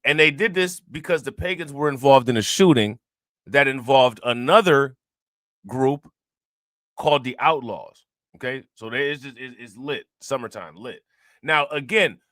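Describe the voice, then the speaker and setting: On his casual commentary show, a man reacts to news footage and speaks directly to viewers, looping back over his points loosely. The recording is dry, and his medium-pitched voice has a fairly bright tone.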